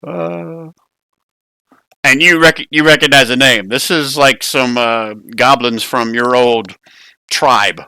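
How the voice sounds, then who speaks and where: A man's voice: mid-range voice, takes it slowly, vocal fry, pushed and bright, clean tone, no echo. A man narrating a tabletop game as game master, casual and often laughing.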